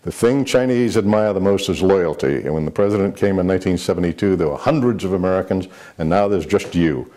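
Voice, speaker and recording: A man's voice: low voice, fast, few pauses, mellow. An older man, a former military aide, answering interview questions with rambling anecdotes, many fillers and restarts.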